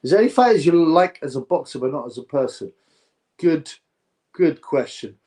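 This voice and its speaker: A man's voice: a little high, expressive, normal speed, warm tone. A man hosting a casual live boxing stream, reading viewer comments aloud and giving blunt, opinionated, rambling takes.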